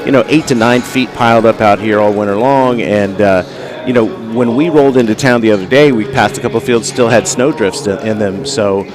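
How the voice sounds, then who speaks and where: A man's voice: on the low side, a little fast, over music. A man with a Southern US accent giving folksy, rambling live commentary at an outdoor bucking bull event. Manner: folksy, rambling, lots of fillers. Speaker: livestream commentator.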